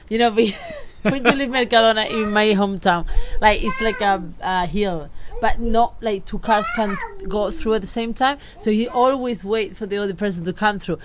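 A woman's voice: medium pitch, normal speed, few pauses, background noise. Woman, Spanish accent, casual chat, chatty, acts out quotes. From Spain.

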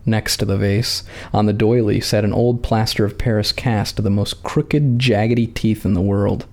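A man calmly reading a short story aloud in a measured narrating voice. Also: lowish voice.

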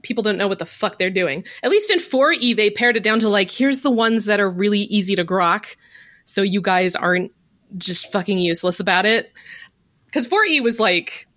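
A young adult woman co-hosting a podcast, chatting casually, blunt and animated, swearing freely. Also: mid-range voice, normal speed, dry recording. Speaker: podcast co-host.

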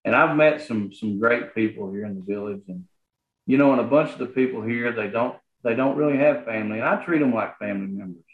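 Southern guy being interviewed, earnest, lots of uhs and restarts, tinny echoey sound. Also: mid-range voice. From Arkansas, USA. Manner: earnest, halting, many fillers and restarts. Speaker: guest, property association manager. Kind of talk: casual interview talk. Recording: roomy, phone-like sound.

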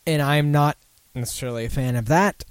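A man's voice: fairly high pitch, fairly quick, smooth, no echo. A drunk man hosting a casual beer talk show, rambling, swearing and losing his thread. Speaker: podcast host.

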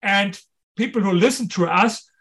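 A man speaking English with a strong German accent, a guest author on an interview show. His voice sits fairly high for a man, and he hammers home his points, often repeating the key ones. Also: normal speed, a bit bright, breathy edge.

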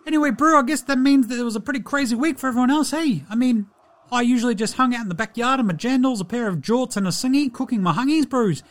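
In a chatty mood, a man imitates a laid-back young New Zealand basketball player, laying on a heavy Kiwi accent, drawling, and adding "Brew" and "eh" to every phrase. The voice is extremely high and fast, pitched above his natural range.

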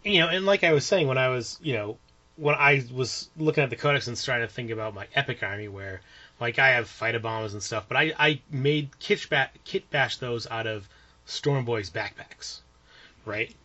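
A man with a bright, forceful tone chats about his hobby. He talks eagerly and haltingly, with frequent restarts and filler. The recording is muffled and lo-fi. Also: mid-range voice. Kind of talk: casual hobby chat. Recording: dull lo-fi recording.

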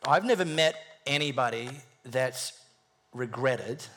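A man's voice: mid-range voice, slow, fairly bright tone. A male preacher giving a sermon in a jokey, conversational storytelling way, with wry self-deprecating humor and frequent restarts.

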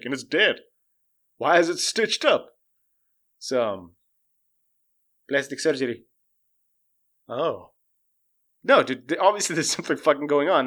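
Guy streaming, ranting all loud and sweary, voice kinda high, jumps way up when he's worked up. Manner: animated, profane, swings pitch widely when exasperated. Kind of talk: casual livestream rant.

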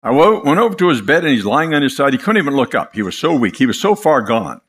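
An older man preaching a sermon, impassioned and dramatic, telling stories with pauses for effect. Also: medium pitch, very animated, fairly bright tone, slightly rough.

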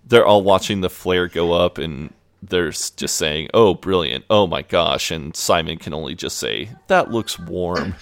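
A man's voice: low voice, unhurried, few pauses. A man co-hosting a podcast, recapping a TV episode in a laid-back, amused way and swearing freely. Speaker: podcast co-host.

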